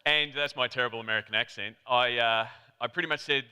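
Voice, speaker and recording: An Australian man from Melbourne giving a conference talk, telling a chatty anecdote with quick asides to the audience. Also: medium pitch, pushed and bright, clean tone. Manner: chatty storyteller, rapid asides. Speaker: conference presenter. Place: conference hall. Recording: reverberant hall.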